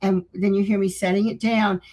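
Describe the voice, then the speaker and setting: Older woman guest, husky, rambling storyteller with lots of restarts. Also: medium pitch, little pitch movement, fairly quick, a little mellow, rough recording. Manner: rambling, with many restarts and acted-out quotes. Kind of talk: casual interview storytelling.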